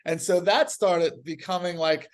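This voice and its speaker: A man telling stories as a podcast guest in casual conversation, animated and laughing often. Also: high-pitched, unhurried.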